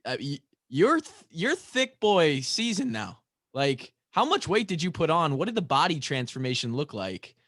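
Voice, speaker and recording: A man's voice: on the high side, very animated, normal speed, fairly bright tone, dry recording, clean studio sound. A man hosting a casual podcast, asking long, chatty, hyped-up questions. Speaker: podcast host.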